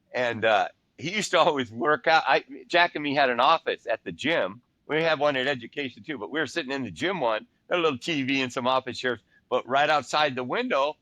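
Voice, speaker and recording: An older man co-hosting a podcast, telling prison anecdotes in a relaxed, rambling chat. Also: mid-range voice, dry recording. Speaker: podcast co-host. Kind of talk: casual storytelling chat.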